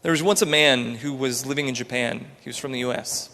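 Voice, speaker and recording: Male speaker, gravelly, slightly high voice, inspirational talk, reverberant auditorium. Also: a little fast, pushed and bright. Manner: earnest and storytelling. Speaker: entrepreneur giving a talk. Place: large auditorium stage.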